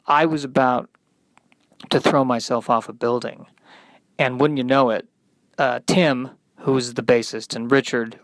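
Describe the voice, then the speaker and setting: A man voicing a gloomy male alt-rock singer who mumbles and sighs quietly. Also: mid-range voice, no room sound, natural voice.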